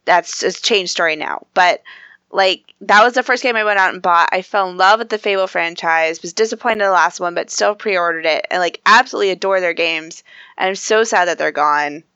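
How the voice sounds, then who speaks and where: Gravelly, low-voiced woman chatting casually. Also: fairly quick, pushed and bright, no room sound, lo-fi sound. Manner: chatty, lots of "like", teasing. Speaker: podcast co-host. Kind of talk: casual gaming podcast chat.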